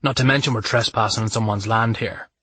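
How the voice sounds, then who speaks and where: A man's voice: fairly even intonation, a little fast, fairly bright tone. Man playing a brooding, protective lover. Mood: angry. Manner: low, intimate, sometimes gruff.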